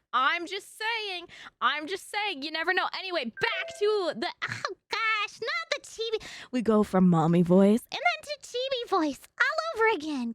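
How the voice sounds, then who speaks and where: A woman streamer chats with her audience, excitable and quick to giggle, dropping swear words freely. Her voice is high and swings widely. The sound is dry and close. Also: no room sound. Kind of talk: casual chat.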